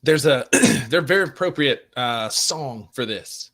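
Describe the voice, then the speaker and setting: A man's voice: medium pitch, expressive, measured pace, fairly bright tone. A man co-hosting a casual sports podcast, emphatic and opinionated in his takes. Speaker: podcast co-host.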